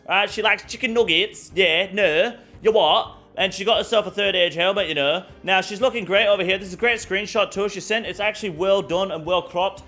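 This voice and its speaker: A man's voice: a little high, fairly bright tone. A man hosting a weekly gaming news show, ranting bluntly and crudely with plenty of swearing. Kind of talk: casual gaming news rant.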